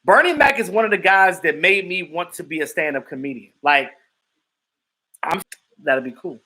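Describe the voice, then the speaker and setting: On a live stream, a high-voiced male host chats casually and reacts to viewers at a normal speed. He is animated, laughs often, and acts out quotes, and the recording is rough.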